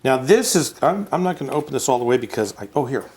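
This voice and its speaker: A man's voice: mid-range voice, sing-song, fast, darkish tone. A middle-aged man co-hosting a homebrewing show in casual, jokey chat. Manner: jokey, playful, reminiscing.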